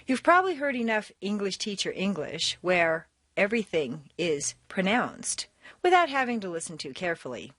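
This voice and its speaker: An American woman reading a scripted accent lesson. She talks fast, runs her words together and stresses words with strong intonation. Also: mid-range voice, very animated, fairly bright tone, dry recording. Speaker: accent coach. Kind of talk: scripted instructional narration.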